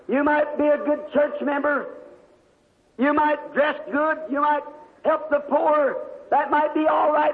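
A male preacher with a very high voice delivers a fervent sermon, telling a story and turning to address his listeners directly. The sound is tinny and narrow, and a long hall reverb trails his words. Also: steady tone, a little slow.

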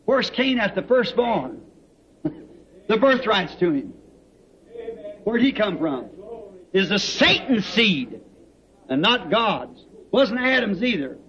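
A man's voice: high voice, sing-song, takes it slowly, long pauses, a bit bright. A man preaching a sermon to a congregation, fervent and rhythmic, telling stories with chuckles. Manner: fervent, rhythmic, storytelling with laughs. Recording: dull lo-fi old tape recording.

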